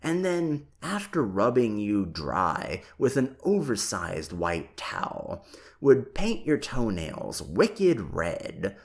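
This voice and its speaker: An audiobook reader narrating a novel chapter in a slow, very expressive way. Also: medium pitch.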